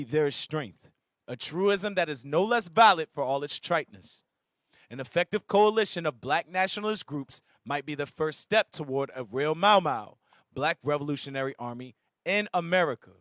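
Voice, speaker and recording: A man reads a document aloud for a class, steady and measured. His voice sits a little high. The sound is dry and close. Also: no room sound. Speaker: reader in a class. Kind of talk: reading a text aloud.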